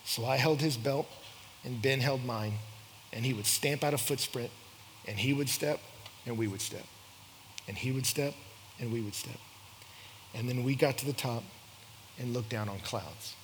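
A young man telling a story to an audience, acting out the quoted lines with big jumps in pitch and loudness. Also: moderate pace, long pauses. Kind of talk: animated storytelling talk. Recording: echoey hall with faint noise.

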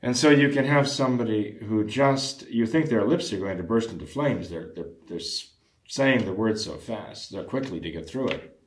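A man earnestly discussing family prayer in a measured, instructive way, often restarting phrases and clearing his throat. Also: on the low side, expressive, reverberant.

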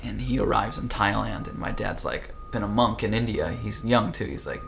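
A man hosting a casual conversation, telling an animated story and acting out the voices. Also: lowish voice, normal speed, gravelly, faint music behind. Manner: animated, acts out voices, laughs easily. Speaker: podcast host.

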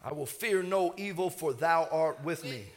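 A man's voice: a little high, moderate pace. A man preaching a sermon as pastor, building with rising fervor and leading the congregation in call-and-response.

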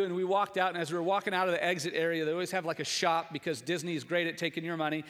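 Male pastor, thirties, light and high, ringing bright tone, casual anecdote to fervent sermon. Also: steady tone, racing, few pauses, long reverb tail. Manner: conversational storytelling, rising to emphatic preaching. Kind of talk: Easter sermon with personal story.

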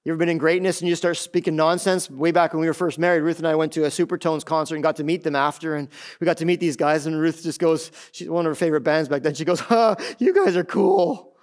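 A middle-aged man, a pastor preaching a sermon in an animated way, acting out the voices of others. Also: on the high side, fast.

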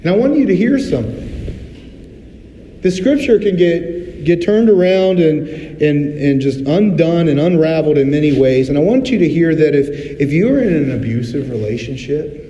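A man preaching a sermon as pastor, talking candidly and conversationally, acting out quick little voices as he goes. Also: on the high side, expressive, dark tone, lo-fi sound, slight background noise. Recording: roomy hall reverb, faint ambience.

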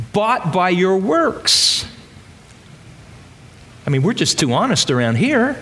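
A man preaching in a church sanctuary with a fairly high voice that swoops up and down. He presses his points hard and keeps throwing rhetorical questions at the congregation. The sound carries a long hall reverb. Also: fairly bright tone. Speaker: pastor. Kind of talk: sermon.

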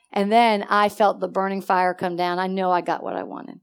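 A middle-aged woman preaching a sermon full of personal stories, swinging from hushed to loud and asking her listeners questions. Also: mid-range voice, little pitch movement, brisk, few pauses, clear, resonant tone.

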